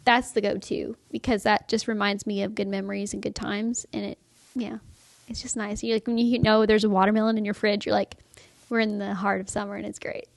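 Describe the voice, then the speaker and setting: A woman's voice: medium pitch, flat delivery, fairly quick, creaky, no echo, clean studio sound. A young woman co-hosting a faith podcast, chatting casually in a bubbly, giggly, rambling way. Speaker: podcast co-host. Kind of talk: casual chat.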